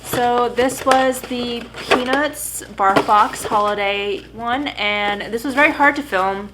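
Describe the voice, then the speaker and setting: Young woman, bit high-pitched, chatty home vlog, camera mic, keeps telling her pup to sit. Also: takes it slowly, very noisy. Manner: chatty, keeps breaking off to scold and praise a puppy. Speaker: vlogger. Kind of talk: casual unboxing vlog.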